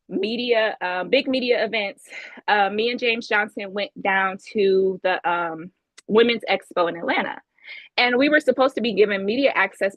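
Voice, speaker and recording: A woman's voice: medium pitch, dry recording, muffled recording. Earnest woman from Ohio testifying. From Ohio, USA. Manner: earnest, emphatic storytelling with many restarts. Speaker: guest speaker at an online women's event. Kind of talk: personal testimony talk. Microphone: video call.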